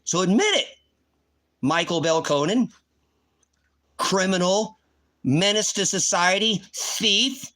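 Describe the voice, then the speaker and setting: A man's voice: high voice, expressive, slow pace, pauses often, sharp tone. A man hosting a livestream, ranting in a heated, profane, accusing way. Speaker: livestream host. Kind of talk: angry livestream rant.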